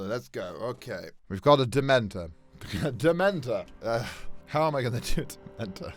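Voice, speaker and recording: A man chatting through his own impressions and teasing himself with quick laughing asides. He speaks slowly, and his voice rises and falls a lot. The sound is dry and close. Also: mid-range voice, lively intonation, fairly bright tone, dry recording. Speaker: comedy video host. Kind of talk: casual impressions video.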